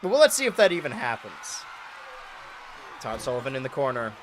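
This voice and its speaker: A young man streaming and commentating a wrestling video game, excitable, shouting and pleading at big moments and muttering through his math. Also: mid-range voice, brisk, a crowd in the background, noisy background. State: out of breath.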